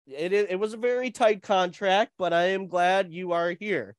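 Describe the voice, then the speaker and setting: A man hosting a comedy podcast with theatrical, drawn-out announcer introductions. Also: high voice, fairly even intonation, clean tone, no echo, clean studio sound. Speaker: host.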